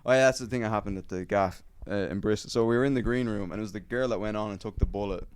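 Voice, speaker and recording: Brief: young male comic, lowish voice, rambling sweary anecdote style. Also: racing, a little mellow, clean tone. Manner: rambling, sweary, lots of fillers. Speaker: comedian podcast co-host. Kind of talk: casual storytelling chat.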